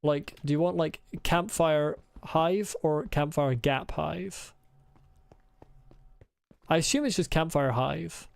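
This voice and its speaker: A man's voice: a little high, takes it slowly, gravelly, clean tone, no room sound. A man streaming a video game, muttering his plans to himself, swearing freely and answering chat. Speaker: let's play streamer. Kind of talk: casual live gaming chat.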